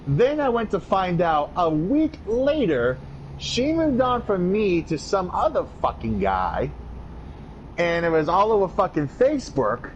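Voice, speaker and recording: A man's voice: high-pitched, very animated, a little slow, slight background noise. A man hosting a podcast, telling a personal story in a casual, profane, ranting way. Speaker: podcast host. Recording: dull lo-fi podcast audio.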